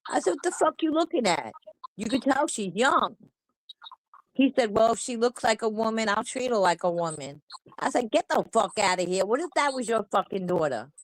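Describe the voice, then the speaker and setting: A woman's voice: a little high, lively intonation, moderate pace, no room sound, rough recording. A woman hosting a livestream, ranting angrily and bluntly with heavy swearing. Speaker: livestream host. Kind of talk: heated commentary rant.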